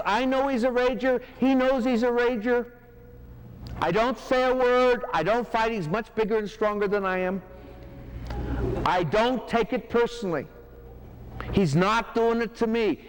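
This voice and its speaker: A man with a high voice preaches a parish mission sermon, plain-spoken and conversational. He drives his points home with repetitive, emphatic cadences. His voice echoes through a reverberant church hall over faint noise.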